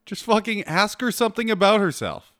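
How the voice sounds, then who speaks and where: A man's voice: high voice, animated, brisk, a bit bright, no echo, studio quality. A man in casual chat, teasing a friend with blunt dating advice, swearing freely and laughing often. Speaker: co-host giving dating advice.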